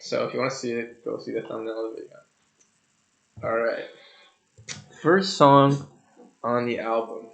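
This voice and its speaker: A man's voice: mid-range voice, monotone, fairly quick, gravelly. A young man casually reviewing an album on his channel, rambling and joking, with loose profanity. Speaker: music reviewer. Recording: echoey room, dull lo-fi sound.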